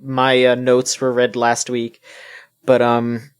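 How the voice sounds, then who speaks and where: A man's voice: mid-range voice, takes it slowly, clean tone. A man co-hosting a casual gaming podcast, ranting with heavy swearing. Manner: ranting, profane, animated. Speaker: podcast co-host.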